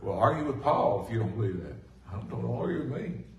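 A middle-aged man preaching a sermon in a folksy, animated way, swinging from loud bursts to hushed asides. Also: medium pitch, fast, creaky, a little hiss or hum. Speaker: pastor. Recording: echoey room from a distant mic.

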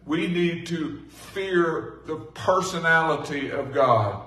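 A middle-aged man preaching a sermon in a folksy, animated way, swinging from loud bursts to hushed asides. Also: fairly high pitch, takes it slowly. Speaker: pastor. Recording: echoey room from a distant mic.

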